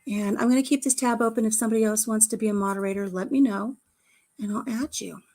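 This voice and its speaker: A woman's voice: fairly high pitch, fast, mellow. A middle-aged woman hosting a livestream, chatting casually, telling stories and answering the live chat. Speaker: livestream host.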